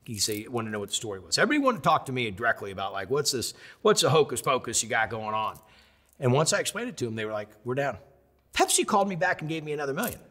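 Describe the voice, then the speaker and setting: A man in his fifties from the United States, telling stories in a lively sit-down interview and acting out the quotes. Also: mid-range voice, rapid-fire, big-room sound. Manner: animated storyteller who acts out quotes. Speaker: interview guest, chef.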